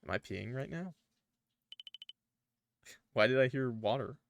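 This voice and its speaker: A man casually commentating his gameplay, excitable, swearing and laughing often. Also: medium pitch, measured pace, vocal fry. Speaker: gaming YouTuber.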